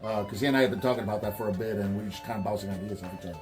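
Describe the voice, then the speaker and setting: A man's voice: on the low side, very fast, soft background music. A man hosting a toy review channel, chatting casually and acting out what people said. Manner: animated storyteller, acts out quotes. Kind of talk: casual chat.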